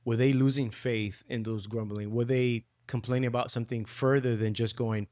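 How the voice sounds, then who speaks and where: A married man co-hosting a Bible discussion, speaking candidly with many halting restarts. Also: mid-range voice, fairly even intonation, a little mellow, no echo, studio quality. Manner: candid, halting, self-correcting. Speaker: podcast co-host.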